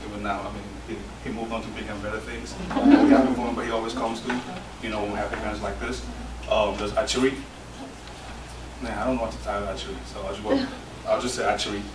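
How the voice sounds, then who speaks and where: Low-voiced laid-back man in an echoey room. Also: fast. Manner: relaxed, laid-back, frequent ums. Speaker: podcast host. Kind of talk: live event introductions. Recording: echoey room, far from mic, noisy.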